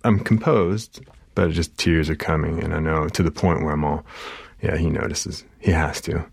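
A therapist telling an emotional story from his practice, halting often with fillers. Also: rumbling low, steady tone, gravelly, breathy edge, no echo, clean studio sound. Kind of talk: personal storytelling.

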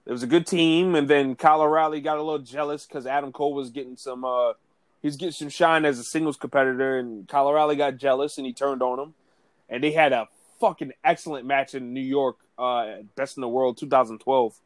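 A man talking in a relaxed, casual podcast chat, full of filler words. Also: medium pitch, fairly quick, dry recording.

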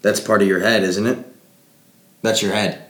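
A man's voice: fairly low pitch, level tone, normal speed, a bit bright, roomy sound, lightly acted. A man playing a short-tempered drunk friend who gives curt, swearing answers. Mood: exasperated. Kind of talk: audio drama acting.

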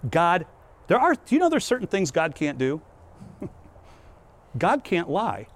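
Man, preacher, sermon, earnest, emphatic storytelling, somewhat high voice. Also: measured pace. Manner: earnest, emphatic, lively retelling.

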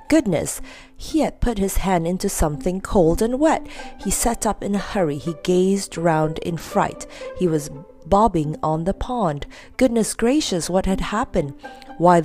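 A woman narrates a children's story with an animated, rising and falling voice. Her tone is mellow and relaxed, with faint music underneath. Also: lowish voice. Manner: lively, expressive.

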